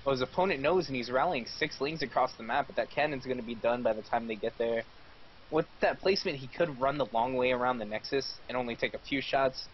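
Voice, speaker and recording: A man's voice: mid-range voice, quick pace. A man with a mid-range voice calls the action of a live esports match, chatty and always joking. The stream audio is dull and lo-fi, with faint noise in the background. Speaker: esports caster. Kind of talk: live play-by-play esports commentary.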